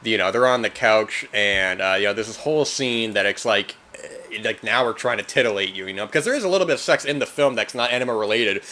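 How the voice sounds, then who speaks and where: This man talks quickly in a lowish voice while hosting a film podcast. His review rambles in a relaxed style, peppered with "man," and he gets lively acting out reactions.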